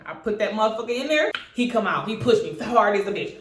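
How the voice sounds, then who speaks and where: A young woman telling a story to her camera in a casual, lively way. She swears freely and jumps high in pitch when she acts out what others said. The room around her sounds roomy and echoey, with a middle-pitched voice. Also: a little fast.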